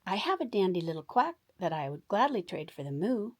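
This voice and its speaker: A woman's voice: mid-range voice, very animated, fairly quick. A woman voicing a cheerful, chatty female duck in a storybook read-aloud, with a bubbly, eager delivery. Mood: amazed.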